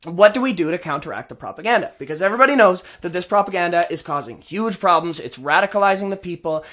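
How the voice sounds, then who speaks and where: A man's voice: high-pitched, lively intonation, quick pace, few pauses, fairly bright tone. A man hosting a show, giving heated, sarcastic political commentary with mocking asides. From Canada. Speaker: host.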